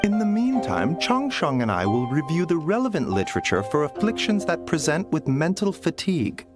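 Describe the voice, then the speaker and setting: A calm game doctor. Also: male voice, fairly high pitch. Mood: reassuring. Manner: calm, measured. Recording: game audio with music underneath.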